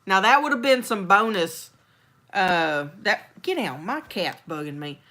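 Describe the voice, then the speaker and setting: Bright, animated Texan woman. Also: mid-range voice, measured pace. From Texas. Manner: animated storyteller, acts out quotes. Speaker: host. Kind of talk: casual chat.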